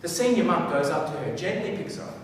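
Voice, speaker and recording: A man giving a motivational talk on stage, animated and coaxing the audience to answer back. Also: a little high, fast talker, slight background noise. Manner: animated, coaxing the crowd into call-and-response. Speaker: motivational speaker. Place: large hall with a live audience. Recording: echoey hall, voice picked up from a distance.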